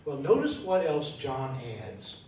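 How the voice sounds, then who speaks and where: A man's voice: huge pitch swings, slow pace, darkish tone. A man preaching a sermon in a church, thinking aloud in a conversational way and asking the congregation questions. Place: church sanctuary. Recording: echoey hall from far off, faint rumble.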